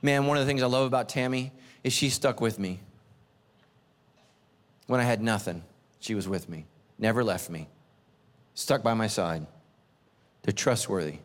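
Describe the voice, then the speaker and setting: A man, the senior pastor, preaching a humorous sermon as an animated, self-mocking storyteller. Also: lowish voice, moderate pace, pauses often, big-room sound.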